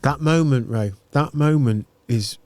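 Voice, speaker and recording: A male podcast host with a warm, mellow voice, recorded close and dry. He talks casually and sympathetically and often finishes his guest's thoughts. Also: medium pitch, measured pace, no echo. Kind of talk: casual conversational interview.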